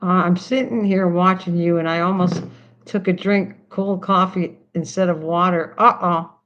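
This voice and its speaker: An older woman with a lowish voice chats away while she crafts on a livestream, laughing easily and teasing her cat between steps. The sound is dull and lo-fi, like a basic home setup. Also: steady tone, moderate pace. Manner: chatty, laughs often, teases her cat. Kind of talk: casual livestream chat.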